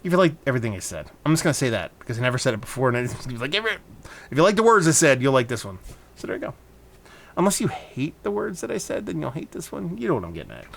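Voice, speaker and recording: A man rambling through a beer review in a loose, offhand way, at an ordinary mid pitch. He swears freely and wanders into asides as he talks. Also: very animated, rapid-fire, gravelly, a bit bright. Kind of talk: casual beer review vlog.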